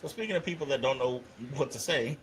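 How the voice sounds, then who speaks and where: A man hosting a podcast, teasing his guest with blunt, quick comebacks. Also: medium pitch, expressive, a little hiss or hum. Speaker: podcast host. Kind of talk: casual chat.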